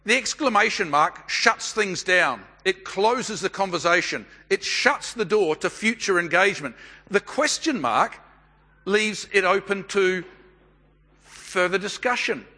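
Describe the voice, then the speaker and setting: A middle-aged Australian man preaching a sermon and telling a story, with measured, deliberate pauses. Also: sits high, expressive, sharp tone. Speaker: pastor. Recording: long hall reverb.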